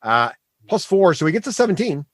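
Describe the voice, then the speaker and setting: Guy game-mastering a tabletop game, bouncy pitch all over, dry close sound, goofy sound effects. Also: fairly quick, no room sound. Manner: animated, laughing narration with sound effects.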